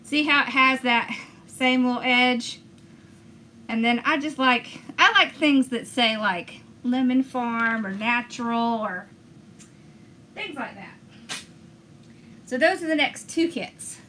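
A woman's voice: a little high, slow, pauses often, bright, forceful tone, slight background noise. A woman hosting a crafting video, chatting enthusiastically as she talks viewers through each step. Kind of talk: casual crafting demonstration.

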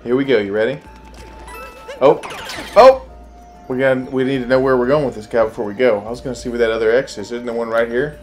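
A man playing a video game with his child, chatting casually and cheering excitedly, game music behind him. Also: mid-range voice. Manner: excitable, cheers his kid on with rapid repeated urging. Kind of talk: casual gameplay chat.

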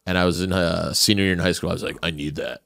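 On a podcast, a New Jersey man with a low, flat, creaky voice that's a bit bright tells a long, profane anecdote at rapid-fire speed. He's a panelist telling a casual story, loose and rambling, full of fillers. The recording is clean studio quality with no room sound.

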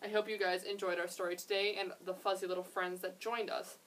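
A young woman, a children's librarian, reading a picture book aloud in a gentle, expressive way with chatty asides. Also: mid-range voice, fairly quick, far from the mic, poor audio.

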